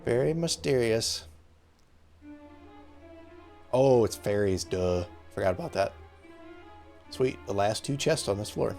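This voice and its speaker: A man giving relaxed, chatty commentary on a game playthrough, with faint game music behind. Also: on the low side, slow pace, vocal fry, long pauses. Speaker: gamer.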